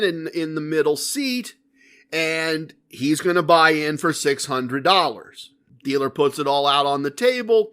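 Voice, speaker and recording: Male podcast host, high voice, chatty storyteller who acts out dialogue. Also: fairly bright tone. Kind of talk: casual storytelling.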